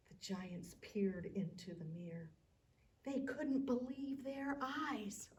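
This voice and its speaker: A woman librarian reading a picture book aloud to children, adding gentle, chatty asides. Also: medium pitch, steady tone, slow pace, far from the mic.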